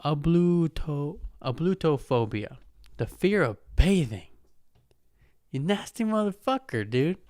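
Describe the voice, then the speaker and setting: A man's voice: a little high, lively intonation, slow pace, darkish tone, no echo, clean studio sound. A man hosting a podcast, riffing in a mocking, profane way and laughing at his own jokes. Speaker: podcast host. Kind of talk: casual comedic monologue. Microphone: podcast microphone.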